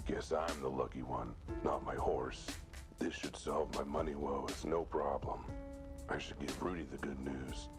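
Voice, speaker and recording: A man's voice: a bass voice, fairly even intonation, unhurried, voice pushed down. A man voicing a broke male gambler's inner thoughts in whispered role-play. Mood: scheming. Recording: game music clearly underneath.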